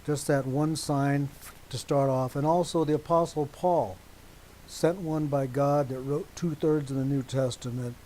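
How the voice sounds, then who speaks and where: A man preaching a teaching sermon to a congregation, deliberate and emphatic, stopping often to check that his listeners agree. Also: fairly high pitch, fairly even intonation, warm tone, slight background noise, rough recording.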